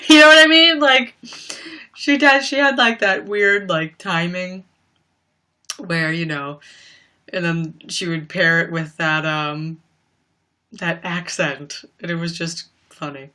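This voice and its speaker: A woman's voice: fairly low pitch, fairly even intonation, takes it slowly, pauses often, sharp tone. Chatty young woman livestreaming from home. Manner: chatty and rambling, many fillers and frequent laughs. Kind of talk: casual livestream chat.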